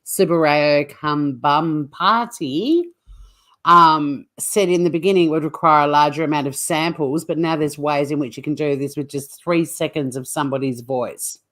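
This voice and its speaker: A woman, co-hosting a comedy news show and telling stories in a lively, teasing way. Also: low voice, normal speed. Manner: animated, teasing storyteller. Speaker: co-host. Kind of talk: casual comedic news chat.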